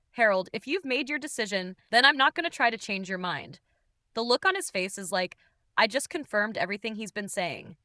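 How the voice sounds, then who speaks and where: A woman's voice: medium pitch, sharp tone, no echo. A woman narrating a story in the first person, in a cool and dismissive manner.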